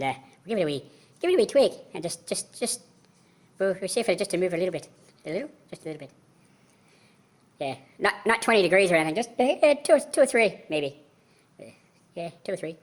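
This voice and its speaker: A man's voice: high voice, fairly bright tone. A man joking to himself while giving casual commentary on restoring a car in his home garage.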